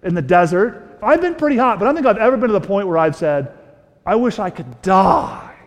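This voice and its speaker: A man preaching a sermon as pastor, animated and full of rhetorical questions, often restarting his sentences. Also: high-pitched, fast talker. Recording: long reverb of a large hall.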